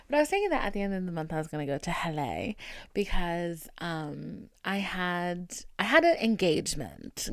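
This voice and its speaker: A woman's voice: mid-range voice, no room sound, studio quality. A young woman hosting a podcast, telling a gossipy story in a dramatic, chatty way and laughing often. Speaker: podcast host. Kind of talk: casual storytelling chat.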